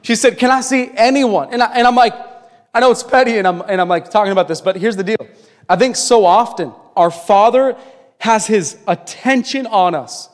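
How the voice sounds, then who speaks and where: High-voiced preaching man in a reverberant hall. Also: normal speed. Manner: impassioned preaching, swinging from loud to hushed. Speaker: pastor. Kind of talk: sermon. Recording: long reverb of a large hall.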